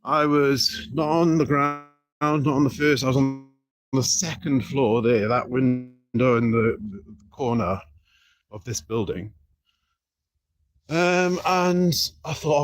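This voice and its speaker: Rambling man on a livestream. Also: mid-range voice. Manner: rambling, repeats himself insistently, halting restarts. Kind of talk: casual livestream chat. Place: outdoors beside an apartment building.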